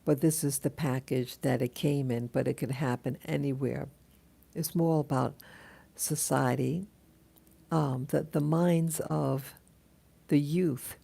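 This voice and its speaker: A woman telling a dream in a casual, halting monologue, full of restarts and fillers as she greets viewers of her live stream. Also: very deep voice, steady tone, gravelly, dark tone, breathy edge. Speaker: vlogger recounting a dream.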